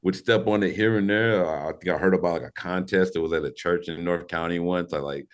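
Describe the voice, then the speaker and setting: Speaking briskly in a deep voice, this podcast guest, a man in his forties from St. Louis, Missouri, spins stories during a casual interview. He's laid-back and slangy, and he tends to ramble.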